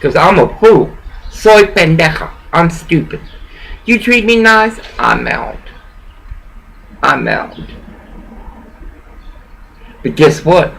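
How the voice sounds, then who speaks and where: A woman's voice: deep voice, lively intonation, slow pace, gravelly, pauses often, a bit bright, rough recording. A woman recording a rambling personal monologue at home on her laptop, preachy and emotional, swinging between laughter and bitterness. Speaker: vlogger. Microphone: laptop webcam.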